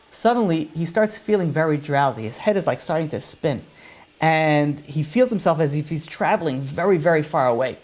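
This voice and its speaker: A rabbi telling a long religious story in his sermon, swelling his voice and then dropping it low.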